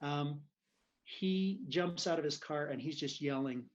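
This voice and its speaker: Animated storytelling man, dull lo-fi sound. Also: on the high side, unhurried. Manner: animated storyteller who laughs often. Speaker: physician guest. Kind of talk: casual storytelling.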